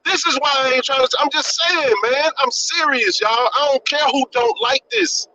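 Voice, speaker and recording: A man's voice: very high voice, animated, normal speed, bright, forceful tone, slight background noise. Fired-up man ranting on a podcast. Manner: passionate, repetitive, swearing, preacher-like emphasis. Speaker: podcast host. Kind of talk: impassioned live-stream rant. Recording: dull lo-fi live-stream audio.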